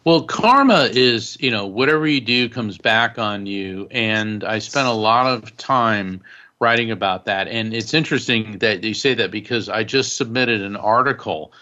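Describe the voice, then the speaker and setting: A man, an author and guest, telling stories in a casual, animated way, often saying "you know" and laughing as he goes. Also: lowish voice, moderate pace, muffled recording. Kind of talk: casual storytelling in conversation.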